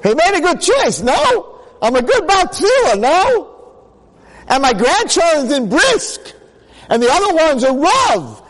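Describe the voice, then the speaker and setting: Old survivor, high and eager, proud of his grandchildren, put on by a male teacher. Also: huge pitch swings, a little slow, fairly bright tone, long reverb tail, heavily acted, poor audio. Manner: eager, seeking approval. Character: proud elderly male survivor, boastful of family.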